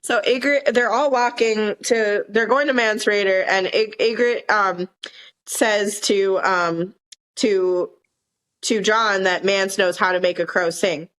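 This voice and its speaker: Woman, Southern US accent, podcast co-host, casual rambling chat, mid-pitched voice. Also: steady tone, slow, fairly bright tone. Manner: rambling, retells scenes with quoted lines. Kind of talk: casual chat recapping a TV episode.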